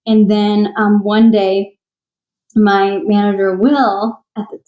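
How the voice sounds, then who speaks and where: A woman's voice: medium pitch, steady tone, takes it slowly, warm tone, roomy sound, rough recording. A young woman from Texas, a singer and author, telling her story in a candid podcast interview with emotional earnestness.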